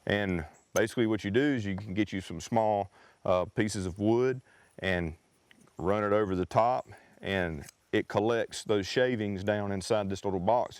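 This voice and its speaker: A man with a Southern US accent giving a casual, chatty outdoor gear demo in the woods, folksy and quick to laugh at himself. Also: lowish voice, no room sound. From North Carolina, US South. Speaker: gear reviewer.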